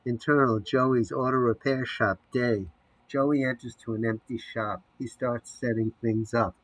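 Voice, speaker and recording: A man narrating an audio drama, reading scene headings and stage directions in a measured way. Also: mid-range voice, steady tone, fairly bright tone, slight background noise, rough recording.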